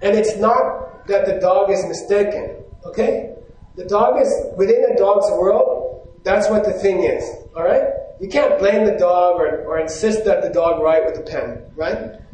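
A man's voice: high voice, unhurried, darkish tone. A man giving a Buddhist teaching talk from a stage to a live audience, talking conversationally and often checking in with "right?". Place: stage in a large hall. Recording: very echoey hall.

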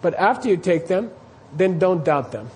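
Man, high-pitched voice, Buddhist teacher, quizzing questions, keeps checking understanding. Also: expressive, normal speed, a little hiss or hum. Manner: quizzes the class, keeps checking "you see what I mean?". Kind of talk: dharma class teaching.

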